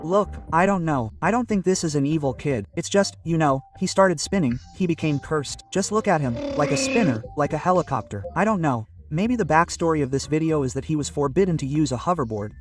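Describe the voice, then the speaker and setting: A man's voice: a little high, lively intonation, fairly quick, hardly any pauses, distant mic, soft background music. A man hosting a casual reaction video, exclaiming and joking with his viewers as he comments on clips.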